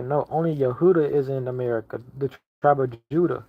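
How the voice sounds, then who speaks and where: A man's voice: medium pitch, steady tone, fast, few pauses. Man preaching in a dull lo-fi recording. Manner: repetitive, emphatic preaching with restarts. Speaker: lay preacher. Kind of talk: casual online sermon.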